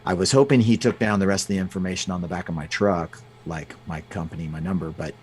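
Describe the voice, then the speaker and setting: A man with a low, slightly rough voice and fairly even intonation is a guest in an interview. He tells personal stories conversationally, in a halting way, with frequent restarts and fillers.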